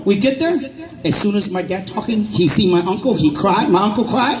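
A man's voice: high-pitched, expressive, fairly quick. A man doing a stand-up comedy set at a festival, speaking playful broken English mixed with Hmong and acting out family scenes. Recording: live crowd noise at an event. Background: crowd.

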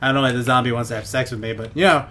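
A young man giving crude, goofy gameplay commentary on a headset in his bedroom, often laughing and yelling out suddenly. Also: mid-range voice, steady tone, very fast. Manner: goofy, giggly, crude jokes, sudden loud outbursts. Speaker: gaming let's play host.

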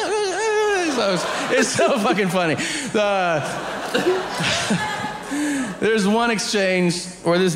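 A man doing stand-up comedy, telling a story and acting out the squeaky voices of the people in it. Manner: animated, acts out squeaky voices of other people. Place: comedy stage before a live audience. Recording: echoey stage with audience noise.

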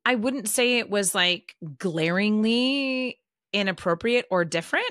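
A woman's voice: on the low side, fairly bright tone, dry recording, clean studio sound. A woman chatting casually on a podcast, digressive and full of "like" fillers. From Southern California. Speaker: teacher and podcast regular.

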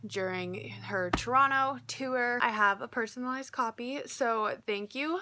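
A woman's voice: a little high, a little slow, bright, forceful tone. A young woman chatting casually to camera in a book vlog, rambling with lots of filler words. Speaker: book vlogger.

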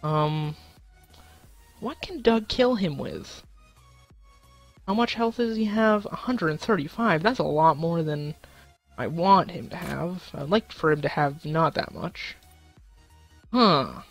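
A man's voice: on the high side, animated, slow, pauses often, soft background music. A young man in casual live-stream commentary, goofy and crude, talking to himself and his chat with sudden silly outbursts. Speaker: gaming streamer.

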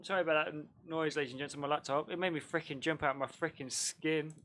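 A man chatting casually while streaming a video game, excitable and laughing often. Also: on the high side, quick pace, slight background noise.

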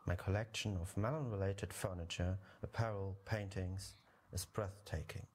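A man's voice: low voice, fairly even intonation, moderate pace, breathy edge. An actor playing a pompous, self-important man who collects melon things, speaking in a grandiose way.

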